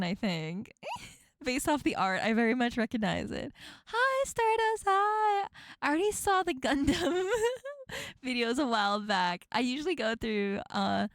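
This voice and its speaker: A woman's voice: a little high, no room sound, studio quality. A young woman streamer chatting casually while reacting to a video, giggling often. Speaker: VTuber streamer.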